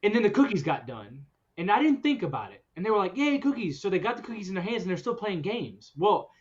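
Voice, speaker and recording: A man hosting a podcast, telling a story in a casual chat, animated and often laughing as he goes. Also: sits high, fast. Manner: animated, laughs through his own story. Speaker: podcast host. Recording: dull lo-fi recording.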